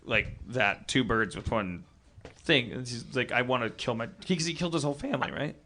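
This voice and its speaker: A man's voice: mid-range voice, expressive, a little fast, sharp tone, slight background noise. A man hosting a comedy podcast, rambling and self-deprecating. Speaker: podcast host. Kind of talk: casual comedic chat.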